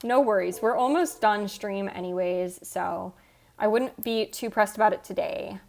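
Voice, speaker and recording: A woman's voice: medium pitch, moderate pace, gravelly, a little mellow. A woman livestreamer chatting casually with viewers, rambling, cutting herself off and swearing offhand. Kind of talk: casual chat reading out viewer comments. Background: faint background music.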